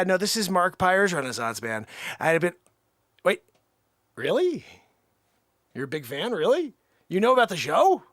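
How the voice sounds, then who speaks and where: A young man hosts a livestream and does a rambling, mock-indignant phone bit. His voice sits high with a gravelly edge and swings widely in pitch. The sound is dry and close. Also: fairly bright tone, dry recording. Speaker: livestream host. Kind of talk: improvised one-sided phone call skit.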